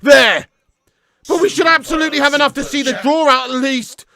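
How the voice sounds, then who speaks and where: A young Englishman rants furiously into the camera, swearing constantly and breaking into shouts. His voice sits very high and strained, with a gravelly, crackling edge and a bright, sharp tone. The sound is dry and close. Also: steady tone, quick pace, no echo. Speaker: fan reaction host. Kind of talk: ranting reaction video.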